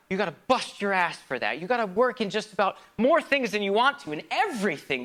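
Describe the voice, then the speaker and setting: A man performing a theatrical spoken-word monologue live on stage, swinging between hushed asides and loud outbursts. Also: high voice, big pitch swings, brisk, few pauses.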